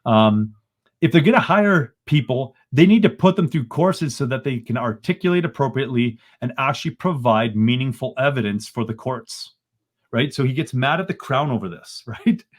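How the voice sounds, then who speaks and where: Man, mid-pitched voice, casual storytelling, animated, exasperated, keeps asking "right?". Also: normal speed. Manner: animated, exasperated retelling, often tags lines with "right?". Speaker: guest. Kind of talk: casual storytelling in a podcast interview.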